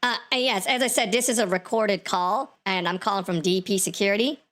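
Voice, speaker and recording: A man's voice: high voice, fairly quick, a bit bright, pitched above the performer's own voice. Faye, a man doing a polite Texan security lady. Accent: put-on Texan. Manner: overly polite, apologetic. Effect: voice changer. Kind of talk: scambait prank call.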